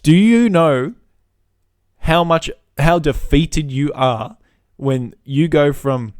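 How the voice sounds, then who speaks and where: A man's voice: on the high side, slow, a little mellow, no echo, clean studio sound. A man hosting a podcast, telling a story as a swaggering, sweary and mocking rant into a podcast mic. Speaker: podcast host.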